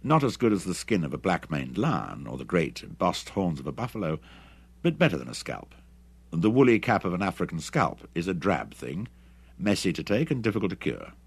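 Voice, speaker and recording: A man narrating an adventure novel audiobook in an expressive, dramatic reading. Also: sits low, normal speed, vocal fry, breathy edge. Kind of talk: scripted narration.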